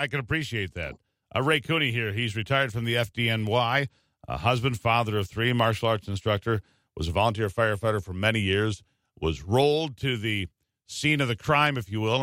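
A man hosting an interview, asking questions in a measured, thoughtful way with some fillers. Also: lowish voice, a bit bright, no room sound. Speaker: interview host. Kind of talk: conversational interviewing.

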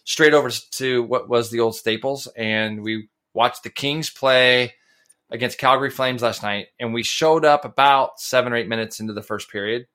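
A man co-hosting a podcast, telling stories in a rambling, excitable way and tripping over his words. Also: mid-range voice, normal speed. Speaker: podcast co-host. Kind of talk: casual chat.

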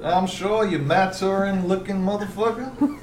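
A man's voice: a little high, sing-song, unhurried, reverberant, background noise. A man doing a slurring drunk magistrate. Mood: mocking. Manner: slurred, boastful drawl. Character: drunk, sleazy middle-aged male town magistrate.

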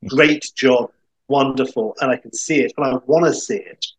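A man's voice: mid-range voice, normal speed, husky, no room sound, low-quality recording. A man co-hosting a podcast, chatting casually and gushing with effusive praise. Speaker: podcast co-host. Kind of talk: casual chat.

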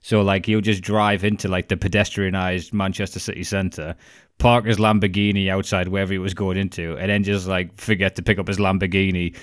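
A man's voice: low-pitched, little pitch movement, a little fast. A man in a casual chat, blunt and joking, swearing often.

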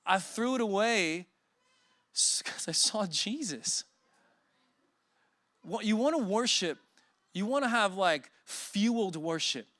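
A man's voice: high-pitched, expressive, slow pace, pauses often, sharp tone, dry recording. A man in his forties preaching a sermon as a guest speaker, telling emotional stories with self-deprecating humor.

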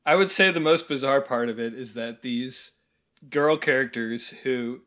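A man co-hosting a podcast, making wry, deadpan asides about a film, with hesitant restarts. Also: mid-range voice, unhurried. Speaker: podcast co-host. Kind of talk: casual film review chat.

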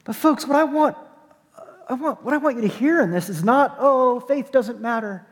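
A man's voice: very high voice, animated, a little fast, long reverb tail. A man preaching a sermon as pastor, conversational and emphatic, with dry self-deprecating jokes.

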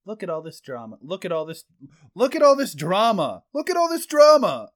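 A man voicing a loud male character who exclaims over drama in a drawn-out, high voice. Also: huge pitch swings. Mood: exclaiming.

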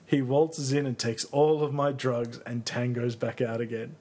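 Podcast co-host, male, husky edge, gushing and foul-mouthed, casual banter. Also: medium pitch, level tone, measured pace, darkish tone. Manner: enthusiastic, profane, playful. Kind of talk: casual chat.

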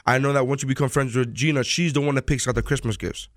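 A man co-hosting a radio show in casual studio banter. He talks in a fast, mumbling, profane way. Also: mid-range voice, steady tone, a little hiss or hum.

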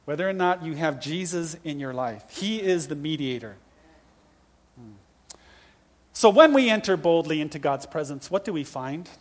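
A male pastor in his fifties preaching a sermon with lively, humorous storytelling. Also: on the high side. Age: 50s.

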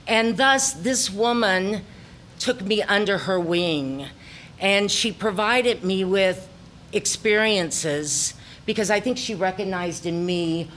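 Middle-aged woman, Ozark accent, lower voice, reflective storyteller with ums, faint room hum. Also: fairly bright tone. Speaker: theater director. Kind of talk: personal talk to an audience.

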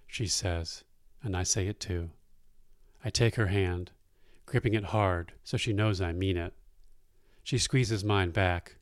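Slow, low-voiced man reading a story. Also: no room sound, studio quality. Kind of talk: first-person story reading.

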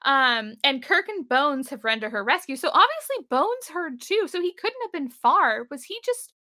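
A woman co-hosting a podcast, recapping a TV episode in casual chat, animated, swearing and laughing often. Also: high voice, moderate pace, no echo. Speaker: podcast co-host.

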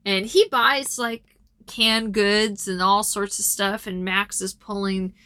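A woman's voice: medium pitch, fairly even intonation, slow pace, fairly bright tone, clear, resonant tone, no room sound. A woman retelling a film's plot in a casual, rambling chat with frequent ums. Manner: chatty and rambling, lots of ums.

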